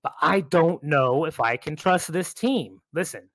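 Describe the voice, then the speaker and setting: A man co-hosting a sports podcast, making his points in a measured, reasoning way. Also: a little high, lively intonation, a bit bright, dry recording. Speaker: podcast co-host.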